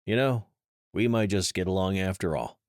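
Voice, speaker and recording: A man voicing a cheery, wisecracking male adventurer guide who jokes with quick comebacks. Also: sits low, no room sound, studio quality, close to an everyday voice. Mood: wry.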